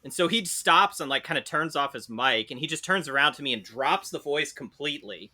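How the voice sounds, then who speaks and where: A man telling a funny story on a casual podcast. He is animated, swears freely and often laughs. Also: a little high, brisk. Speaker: podcast co-host.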